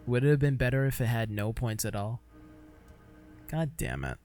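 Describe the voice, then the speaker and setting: A man's voice: medium pitch, sing-song, normal speed, a little mellow, soft background music. A young man streaming a game, talking in casual, profane, exasperated commentary. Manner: profane, exasperated, self-mocking.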